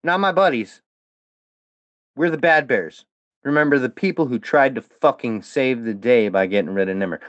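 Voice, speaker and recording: A man's voice: medium pitch, no echo, muffled recording. Furious, swearing man ranting at critics. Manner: heated, profane, confrontational. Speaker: guest, former fan of a comedian. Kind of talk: angry monologue addressed at critics.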